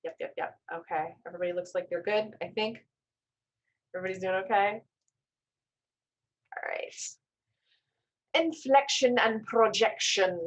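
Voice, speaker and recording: A woman teaching a storytelling class on a video call, coaching with gentle reassurances and casual self-corrections. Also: medium pitch, rough recording. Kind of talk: live online class, instructive and conversational.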